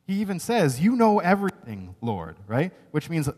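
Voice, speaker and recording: A man's voice: fairly high pitch, huge pitch swings, moderate pace, a little mellow. Earnest preacher man in a reverberant hall. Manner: earnest, emphatic, with frequent "right?" asides. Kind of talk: sermon. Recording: long reverb of a large hall.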